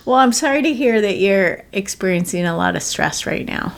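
Thoughtful woman with a gravelly voice. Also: mid-range voice, animated, a little slow. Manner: thoughtful, hesitant fillers, laughs. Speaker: podcast co-host. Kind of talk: casual chat.

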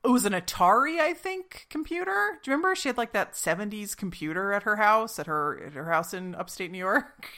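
A woman's voice: mid-range voice, lively intonation, brisk, pushed and bright. A woman in her thirties co-hosting a casual show recap, chatty and retelling scenes in playful quoted voices. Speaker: podcast co-host recapping a TV episode.

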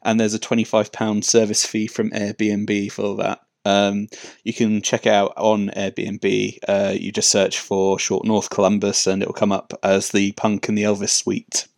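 A man's voice: lowish voice, completely flat delivery, unhurried, creaky, no room sound, studio quality. A man co-hosting a casual podcast, easygoing and informative. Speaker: podcast co-host.

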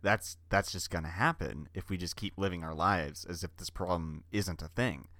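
Low-voiced man with mock-serious doom. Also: normal speed, bright, forceful tone, no room sound, studio quality. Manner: grandly doom-laden, mock-serious pronouncements. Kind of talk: deadpan comedy banter.

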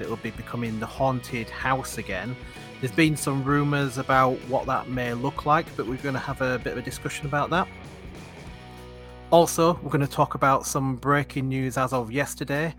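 A man's voice: mid-range voice, fairly bright tone. Yorkshire man hosting a chatty podcast. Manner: chatty, leads the discussion with questions. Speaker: podcast host. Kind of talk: casual podcast chat.

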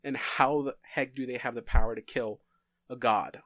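A man voicing a furious male god who shouts and yells in anguish for his slain brother. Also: medium pitch, fairly even intonation, moderate pace, no room sound, natural voice. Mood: outraged. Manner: yelling, anguished.

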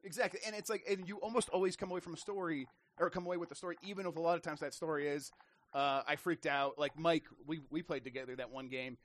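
A man's voice: on the high side, fast. A man in casual podcast chat about games, telling stories with lots of restarts and acted-out quotes. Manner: animated storyteller, many restarts, acts out quotes.

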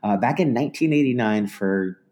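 A man on a film podcast, recapping a movie with wry, sarcastic delight. His pitch swings widely as he builds each joke, and filler words pepper his sentences. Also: brisk. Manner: animated, sarcastic storytelling with many "uh" fillers. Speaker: podcast co-host. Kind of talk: casual film-review chat.

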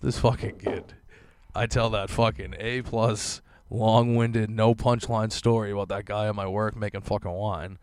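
A man's voice: lowish voice, steady tone, unhurried, hardly any pauses, darkish tone, clear, resonant tone, no room sound. A man on a podcast going on a crude, sarcastic comedic rant full of swearing. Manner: sarcastic, crude, mocking voices of others. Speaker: podcast co-host.

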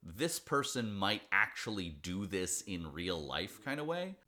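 A man's voice: deep voice, very animated, measured pace, bright, forceful tone. A man co-hosting a casual movie podcast, playful and jokey. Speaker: podcast co-host.

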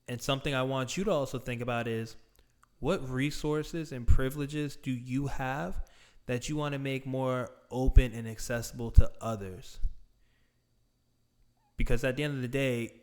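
A man giving an earnest monologue straight to his viewers, deliberate and emphatic, drawing out the words he stresses. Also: medium pitch, fairly even intonation, smooth. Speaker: speaker addressing viewers. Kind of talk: earnest direct-address monologue.

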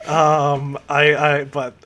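A man co-hosting a casual review podcast, halting and laughing often. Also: on the high side, completely flat delivery, pushed and bright, slight background noise. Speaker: podcast co-host. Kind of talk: casual film review chat.

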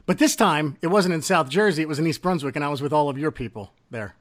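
A man's voice: on the high side, quick pace. A middle-aged man co-hosting a sports podcast in a slightly raised voice. He tells loose, self-deprecating stories in a chatty way. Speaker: podcast co-host. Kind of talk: casual sports chat.

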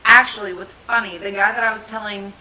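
A woman's voice: medium pitch, fairly even intonation, brisk, sharp tone, a little hiss or hum, rough recording. A woman in her thirties from New Jersey, chatting and telling stories on a podcast, laughing often. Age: 30s. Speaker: podcast co-host. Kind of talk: casual chat.

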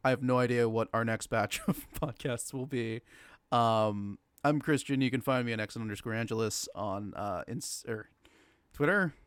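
A man's voice: mid-range voice, normal speed, clear, resonant tone, no room sound. A man co-hosting a podcast in casual chat, rambling and hesitant with many fillers and restarts. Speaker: podcast co-host.

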